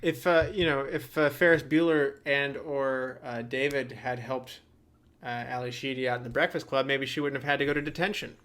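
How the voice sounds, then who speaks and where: A man's voice: medium pitch, fairly even intonation, normal speed, fairly bright tone. A man co-hosting a casual movie podcast, joking around and laughing with his co-hosts. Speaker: podcast co-host.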